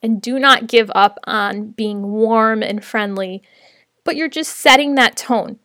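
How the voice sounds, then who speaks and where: A woman's voice: fairly high pitch, slow pace, pushed and bright, no echo, studio quality. A woman sharing practical tips on teaching online, in a friendly, conversational way with light laughs. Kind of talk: casual teaching tips to camera.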